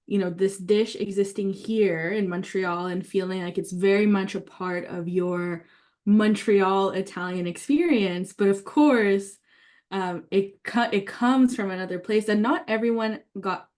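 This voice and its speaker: A woman's voice: mid-range voice, a little slow, darkish tone. A woman leading a writing workshop, talking enthusiastically and thinking aloud with many fillers and restarts. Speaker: workshop leader.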